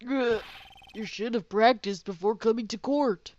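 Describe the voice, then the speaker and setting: A woman's voice: fairly high pitch, measured pace, darkish tone, lo-fi sound, lightly acted. A woman voicing a smug, condescending male defense attorney in a video game, with a teasing drawl.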